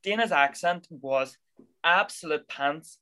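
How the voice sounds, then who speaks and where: A man co-hosting a casual film review chat, expressive and sassy with playful swearing. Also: fairly high pitch, slow. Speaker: podcast co-host.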